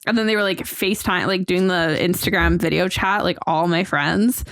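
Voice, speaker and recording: Playful young woman guest, acts out chats in quick voices, dry close sound. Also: on the low side, a bit bright, dry recording. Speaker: guest influencer. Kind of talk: casual podcast chat.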